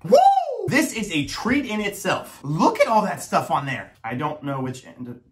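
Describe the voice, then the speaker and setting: A man's voice: fairly high pitch, sing-song, moderate pace, a bit bright. A young man hosting a food review vlog, joking and making theatrical announcements between bites. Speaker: food vlogger. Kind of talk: upbeat pizza review vlog.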